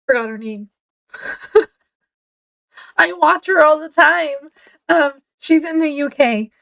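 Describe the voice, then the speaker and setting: Chatty high-voiced woman. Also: slow pace, vocal fry, a bit bright. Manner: rambling, chatty, many fillers. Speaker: book vlogger. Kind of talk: casual chat to camera. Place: home, indoors.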